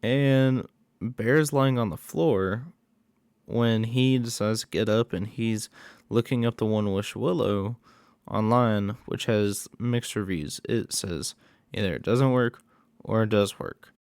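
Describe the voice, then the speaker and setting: A man's voice: on the low side, takes it slowly, darkish tone, clear, resonant tone, no room sound, clean studio sound. A man casually recapping a horror movie plot in a rambling way, with many fillers and asides.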